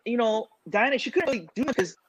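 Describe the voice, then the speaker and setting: A man's voice: extremely high pitch, animated, fast, a bit bright, husky. A man in casual chat who tells stories animatedly and acts out his own past lines in a raised voice. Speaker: new father in a podcast chat.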